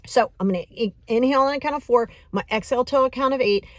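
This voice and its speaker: A woman's voice: sits high, no echo, studio quality. Chatty woman guiding a breathing exercise. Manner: encouraging, chatty, counts slowly. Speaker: breathing coach. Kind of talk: casual guided breathing lesson.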